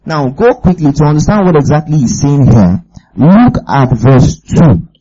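Male preacher, warm husky voice, emphatic and probing, dull lo-fi recording. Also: fairly high pitch, sing-song, normal speed. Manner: emphatic, keeps asking the audience if they follow. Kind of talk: sermon.

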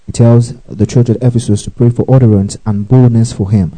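A man's voice: medium pitch, steady tone, brisk, warm tone, poor audio. A man preaching a sermon and teaching from scripture. He repeats key phrases and keeps asking his listeners whether they get it. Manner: tells listeners to underline verses. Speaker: pastor.

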